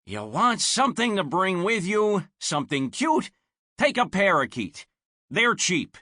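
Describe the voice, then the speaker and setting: In a storybook reading, a man voices an exasperated, harried male pet shop owner, shouting in frustration. He performs a full character voice pitched above his own, high and swinging widely in pitch at a slightly slow pace. The recording is dry, with clean studio sound.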